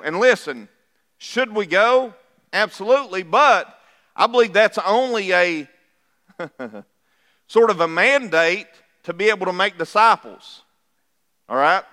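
A man's voice: high voice, bright, forceful tone. A middle-aged man, preaching a sermon to his church in a folksy, conversational way and asking the congregation questions as he goes. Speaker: pastor. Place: church sanctuary. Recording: reverberant church hall.

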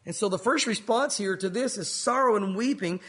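A man with a high-pitched voice delivers a sermon from the pulpit. He preaches earnestly and steps into the voices of the people in his story now and then. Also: moderate pace, a bit bright. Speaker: pastor.

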